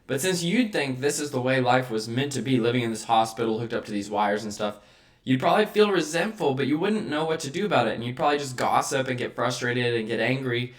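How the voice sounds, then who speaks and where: Talking at a quick pace with lively intonation, a man with a mid-range voice hosts a vlog built around a motivational monologue. He keeps tossing out rhetorical "right?" tags to check in with the listener.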